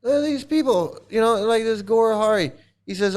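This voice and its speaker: A man's voice: high voice, moderate pace, a little mellow. A man ranting in angry commentary as a former member, profane and repetitive, restarting his sentences.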